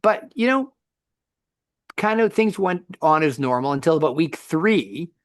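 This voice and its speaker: A middle-aged man co-hosting a faith podcast, telling a story in a lively conversational way with frequent restarts. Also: on the high side, measured pace, no room sound, clean studio sound. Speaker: podcast co-host.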